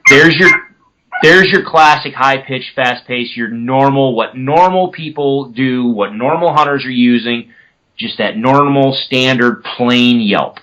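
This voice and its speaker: A man talks through hunting calls in a relaxed, conversational podcast style. His voice sits mid-pitched with a bright, forward tone. He often restarts a thought partway through and now and then breaks into vocal imitations of the calls. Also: measured pace, highs cut off. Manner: imitates turkey yelps with his own voice; conversational, self-correcting. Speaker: turkey hunting guest explaining calls. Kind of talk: casual podcast explanation.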